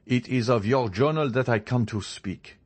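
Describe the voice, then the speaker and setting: A man's voice: medium pitch, moderate pace, voice pushed up, natural voice. A man voicing a proud, indignant young nobleman. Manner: cold, formal, determined.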